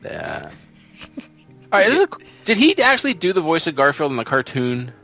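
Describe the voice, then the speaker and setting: A man's voice: on the high side, wildly swooping pitch, a little fast, vocal fry, bright, forceful tone, soft background music. A man hosting a casual chat, leading with questions and rambling through lists.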